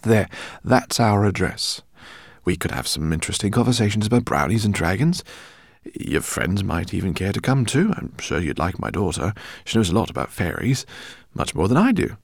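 In a dry, studio-quality recording, a man uses a lowish, gravelly, sing-song voice at a moderate pace to fully play a character. The role is a kind, bookish middle-aged professor and fussy host, genial in mood, who rambles courteously with a gentle embarrassment.

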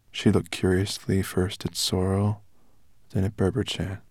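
A man reading a fantasy story aloud in a measured storytelling manner. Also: low-pitched, flat delivery, darkish tone, dry recording, studio quality. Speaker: audiobook narrator. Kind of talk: scripted narration.

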